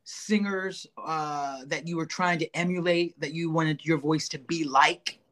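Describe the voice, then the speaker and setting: Podcast host in a casual interview, friendly and loose with fillers, mid-pitched voice. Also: steady tone, measured pace, a bit bright. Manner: friendly, asks questions with fillers.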